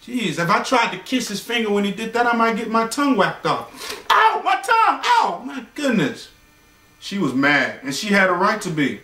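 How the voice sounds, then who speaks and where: A man telling a bedtime story in a casual, animated, slangy way, with joking asides. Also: sits high, normal speed. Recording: echoey room, voice far from mic.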